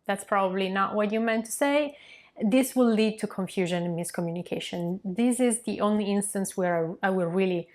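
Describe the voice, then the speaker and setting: A young woman from Milan with an Italian accent, teaching a pronunciation lesson and modeling sounds slowly and clearly. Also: medium pitch, a little mellow. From Milan, northern Italy. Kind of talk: online language lesson.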